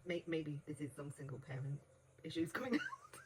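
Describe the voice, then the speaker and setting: A woman's voice: low voice, huge pitch swings, very slow, long pauses, background noise. A woman giving a casual audiobook review in a chatty way, laughing often and acting out quotes in between. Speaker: book reviewer.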